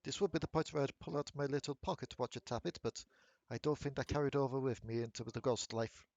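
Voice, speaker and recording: A man voicing a stuffy, haughty male ghost gentleman, clipped and disdainful. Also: mid-range voice, fast talker, no room sound, lo-fi sound, close to an everyday voice.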